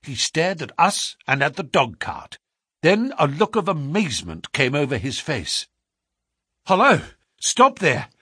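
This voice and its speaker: Man reading a story out loud, husky voice, pitch going up and down a lot, dry sound. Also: dry recording. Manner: measured storytelling, lively pitch. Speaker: narrator. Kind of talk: scripted audiobook narration.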